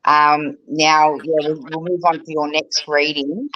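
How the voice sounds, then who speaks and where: A woman hosts a live online psychic show in a chatty, relaxed way. Her voice is bright and forceful. It sounds dry and a little dull, like close live stream audio. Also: deep voice, a little slow, dry recording. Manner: chatty, relaxed, running the segment.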